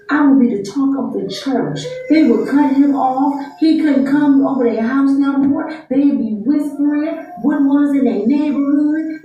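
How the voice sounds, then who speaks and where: A woman's voice: sits high, mellow. A woman giving a brash, slangy, heated rant on a livestream. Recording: echoey room, far from mic.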